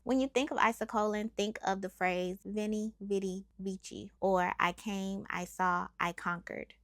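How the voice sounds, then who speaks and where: Woman with a gravelly edge, calm analysis. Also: medium pitch, no echo, studio quality. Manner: measured, analytical, explanatory. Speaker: host. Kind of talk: scripted lyric analysis.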